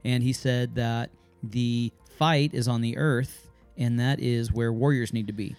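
A man in his thirties co-hosting a family podcast, earnest and reflective, pausing with fillers on heavy subjects. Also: medium pitch, fairly even intonation, darkish tone, clear, resonant tone, faint music behind. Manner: earnest, reflective, halting with fillers when serious. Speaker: podcast co-host. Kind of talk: casual family podcast chat.

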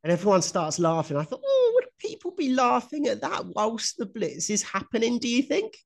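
A man's voice: extremely high pitch, wildly swooping pitch, normal speed, gravelly. A man co-hosting a podcast, chatting casually and laughing often as he tells stories. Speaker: podcast co-host. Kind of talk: casual chat.

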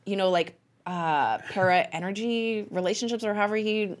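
A woman's voice: mid-range voice, moderate pace, a little hiss or hum. A woman co-hosting a casual podcast, rambling with lots of fillers and restarts. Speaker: podcast co-host. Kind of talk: casual chat.

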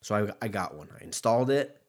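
A man's voice: on the low side, lively intonation, fairly quick. A man hosting his own podcast in a casual, rambling way, swearing freely and laughing at his own jokes. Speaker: podcast host. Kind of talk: casual solo podcast chat.

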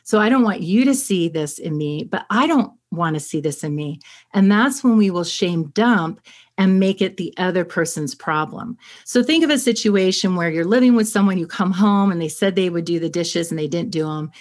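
A woman therapist explaining ideas in conversation, steady and clear, acting out quick examples. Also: lowish voice.

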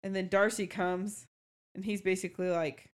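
A woman co-hosting a casual book podcast, chatty and relaxed as she recaps a story. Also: medium pitch, normal speed, smooth. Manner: chatty, explains the plot in a relaxed way. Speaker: podcast co-host.

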